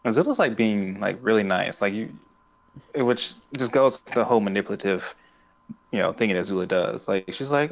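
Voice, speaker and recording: Gravelly low-voiced man. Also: moderate pace. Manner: laughs often while retelling scenes. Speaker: podcast co-host. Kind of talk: casual chat.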